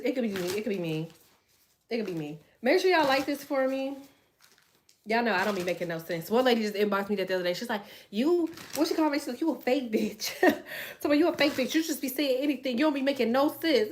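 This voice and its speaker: A woman's voice: sits high, a little hiss or hum. A woman hosting a tarot live stream, chatting casually and bluntly with her viewers, laughing often and reading their comments aloud.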